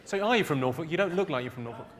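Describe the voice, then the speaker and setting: A man doing stand-up comedy on stage, firing off deadpan one-liners and teasing audience members in a large theatre. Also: fairly high pitch, rapid-fire. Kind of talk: stand-up comedy roast with crowd work. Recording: loud laughing crowd, live noise.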